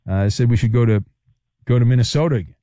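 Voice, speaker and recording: A man's voice: medium pitch, rapid-fire, warm tone, no echo, clean studio sound. A man hosting a talk radio show, teasing his callers in playful banter. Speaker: radio host.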